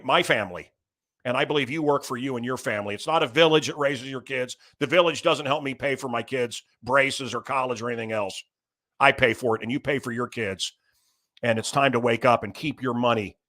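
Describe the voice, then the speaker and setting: A man's voice: mid-range voice, fairly bright tone. A middle-aged man hosting a show, delivering a blunt, combative political monologue with crude language. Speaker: show host.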